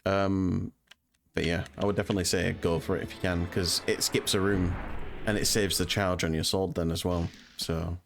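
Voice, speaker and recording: A man's voice: low-pitched, level tone, normal speed, gravelly, slight background noise. A young man giving casual, rambling gameplay commentary, with frequent ums and uhs. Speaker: speedrunner streamer. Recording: voice over game music.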